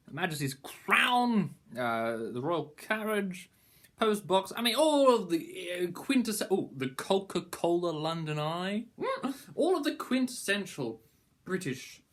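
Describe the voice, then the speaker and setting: A young man rambles through a casual product review with a playful, mock-grand tone. His voice is bright and sharp, and his pitch leaps up and down all the time. He heaps jokey praise on ordinary things.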